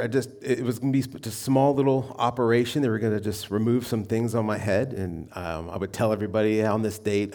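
A man's voice: medium pitch, creaky, darkish tone. A middle-aged male pastor preaching a sermon, telling a self-deprecating personal story and acting out the people he quotes. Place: church.

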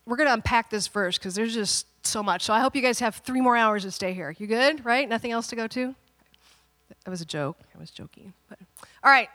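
Woman pastor, 30s, bright storyteller from the pulpit, lively and a little self-mocking. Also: fairly high pitch, fairly quick, long reverb tail. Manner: animated, dramatic storytelling with playful asides. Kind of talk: sermon storytelling.

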